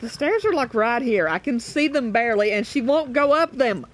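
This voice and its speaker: A woman's voice: fairly high pitch, animated, moderate pace. A woman playing a video game and commenting casually, swearing often and scolding her cat between remarks. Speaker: gameplay streamer.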